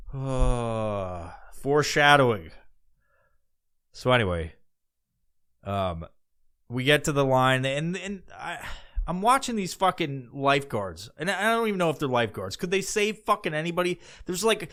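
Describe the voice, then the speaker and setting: A man's voice: mid-range voice, animated, a little slow, long pauses, fairly bright tone. A man hosting a podcast, telling a crude comic story in a rambling, profanity-laden monologue. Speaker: podcast host.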